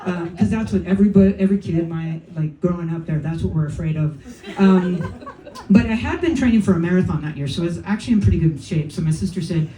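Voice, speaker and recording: A woman's voice: lowish voice, fast, background noise. Wry woman storyteller on a comedy stage. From California. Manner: wry, self-deprecating, profane asides. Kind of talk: live comic storytelling. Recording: roomy club sound from a distant mic. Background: audience laughter and faint room ambience.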